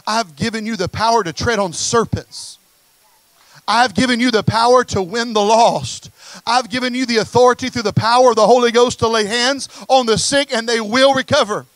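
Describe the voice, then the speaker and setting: Man, pastor, Pentecostal sermon, very high voice, dry close sound, impassioned repeated questions. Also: moderate pace, a bit bright, dry recording, low-quality recording. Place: church service.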